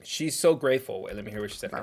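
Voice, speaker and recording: A man's voice: fairly low pitch, expressive, very fast. A man hosting a casual livestream reaction who rambles in a chatty way and talks while eating.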